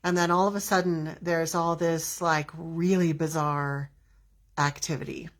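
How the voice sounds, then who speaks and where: A woman's voice: sits low, fairly even intonation, a little slow. A woman hosting her own show, telling a personal story in a rambling way with many restarts. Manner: rambling, restarts often, drawn out. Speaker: host. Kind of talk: casual storytelling monologue.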